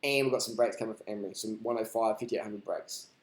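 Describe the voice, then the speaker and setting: A man with a lowish voice talks quickly with fairly even intonation, and the recording is reverberant. Hosting a casual, unscripted live stream, he answers viewer questions bluntly, profanely, and with plenty of rambling.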